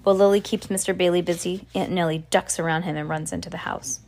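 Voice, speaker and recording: Low-voiced woman reading a ghost story. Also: quick pace, gravelly. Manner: expressive, with casual asides. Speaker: storybook reader.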